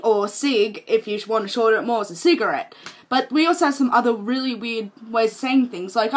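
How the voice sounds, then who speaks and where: A young woman from Australia with an Australian accent, chatting casually to camera in a rambling, self-amused way. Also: fairly high pitch. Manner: chatty and rambling, laughs at herself. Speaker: vlogger.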